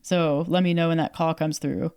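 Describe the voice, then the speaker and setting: Young canadian woman co-hosting a podcast, lowish voice, chatty, does all the voices in her story. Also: moderate pace, smooth. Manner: animated storyteller, acts out quoted dialogue, many fillers. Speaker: podcast co-host. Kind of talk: casual storytelling chat.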